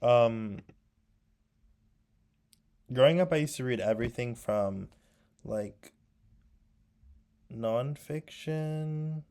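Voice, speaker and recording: A man's voice: mid-range voice, extremely slow, pauses often, a little mellow, smooth. A young man with a sore throat chatting casually while he paints, rambling and nostalgic, with many fillers. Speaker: vlogger.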